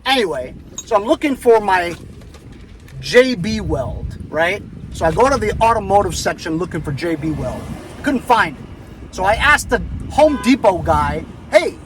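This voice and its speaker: A man's voice: high voice, expressive, moderate pace, background noise. A man vlogging in a casual, rambling way, laughing easily as he talks through his day outdoors. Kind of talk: casual chat.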